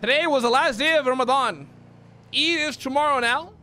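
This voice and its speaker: A man's voice: very high-pitched, fairly quick, pushed and bright. A young man chatting casually while he streams a game, loose and chatty with offhand swearing. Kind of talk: casual chat while playing. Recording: faint background noise.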